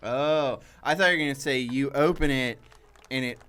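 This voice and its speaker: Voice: medium pitch, normal speed, a bit bright, smooth. A producer chiming in on a gaming livestream, tired and wry in casual banter. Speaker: show producer.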